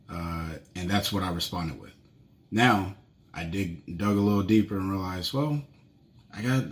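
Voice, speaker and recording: A man in his thirties hosting a solo podcast with advice for husbands, talking in a rambling, conversational way with many fillers. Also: low voice. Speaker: podcast host, marriage coach for husbands.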